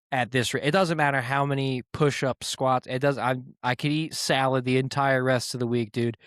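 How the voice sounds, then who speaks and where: A man hosting his own podcast, rambling casually with profanity and self-mocking asides, speaking in quick bursts. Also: mid-range voice, smooth, no echo, studio quality. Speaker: podcast host.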